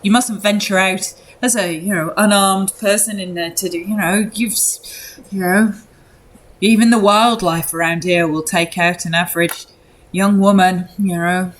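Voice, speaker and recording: A woman voicing a gentle young noblewoman who speaks hesitantly and politely. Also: mid-range voice, fairly even intonation, a little slow, a little hiss or hum, close to an everyday voice. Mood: warning. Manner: hesitant, polite, many fillers.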